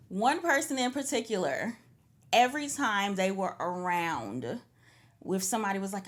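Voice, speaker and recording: A young woman co-hosting a casual church podcast, telling her story with lots of expression. She jumps into quoted voices and lets her pitch rise and fall as she recounts what people said. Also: sing-song, measured pace. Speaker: podcast co-host. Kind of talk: casual faith podcast chat.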